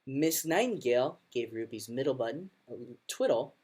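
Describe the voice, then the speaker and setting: A woman music teacher reading a children's picture book aloud to her class in an expressive storytelling manner. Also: extremely low pitch, fairly quick, slightly rough.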